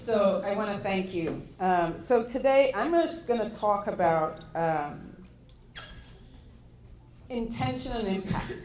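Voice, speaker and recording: A woman with a British accent giving a motivational talk to an audience, in a measured, deliberate way. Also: mid-range voice, darkish tone. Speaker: guest speaker. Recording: echoey hall with faint background noise.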